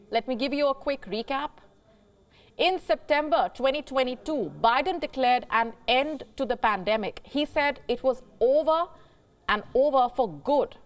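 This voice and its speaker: A woman news anchor delivering scripted commentary emphatically, quoting experts and posing rhetorical questions to the viewer. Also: sits high.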